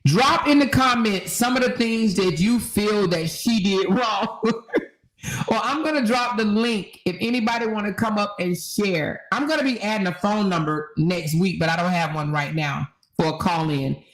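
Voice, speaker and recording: A woman hosting casual commentary, talking in an animated, slangy way and laughing often. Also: mid-range voice, normal speed, poor audio. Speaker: host.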